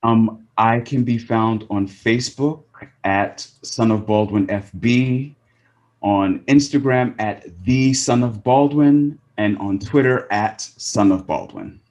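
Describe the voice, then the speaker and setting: A man as an interview guest, speaking thoughtfully with frequent pauses and ums. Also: medium pitch, darkish tone, highs cut off. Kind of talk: casual interview.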